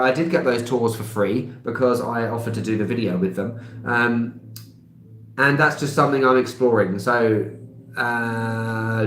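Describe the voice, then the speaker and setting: A man's voice: medium pitch, slight background noise. Chatty London man in an echoey room. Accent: London English. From England. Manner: rambling, with frequent filler sounds and small laughs. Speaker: travel vlogger. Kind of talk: casual live-stream chat answering comments. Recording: roomy echo.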